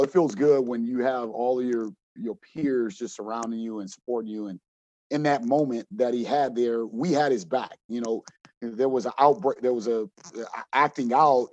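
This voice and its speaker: A man who coaches, telling a story in an interview with animated acted-out quotes and frequent restarts. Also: mid-range voice, lo-fi sound.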